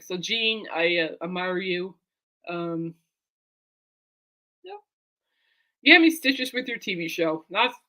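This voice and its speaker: Woman vlogger, bright forward voice, loose rambling heartfelt chat to camera. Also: lowish voice. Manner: rambling and heartfelt, talks aside to her dog. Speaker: vlogger and fan.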